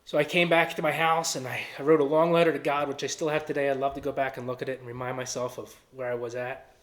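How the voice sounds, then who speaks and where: A man's voice: mid-range voice, level tone, fast talker, a bit bright. A man with a Philadelphia-area accent giving an earnest personal testimony and acting out quoted dialogue. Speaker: testimony speaker.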